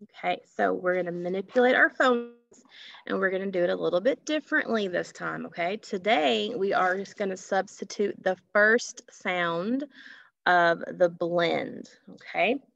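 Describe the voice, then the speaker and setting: A woman's voice: mid-range voice, normal speed, gravelly, a bit bright. A woman teaching a phonics lesson to children, patiently stretching out sounds and asking questions. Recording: dull lo-fi recording.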